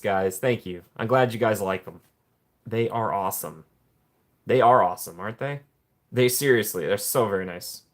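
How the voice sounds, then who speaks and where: A man of medium pitch hosts a casual live stream and chats with his viewers. He talks in a playful, jokey way, laughs often, and his voice leaps upward when something excites him.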